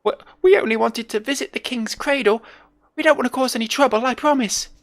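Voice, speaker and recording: A man's voice: extremely high pitch, fairly quick, fairly bright tone, pitched above the performer's own voice. A man voicing an earnest young boy king who stammers out anxious pleas. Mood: pleading.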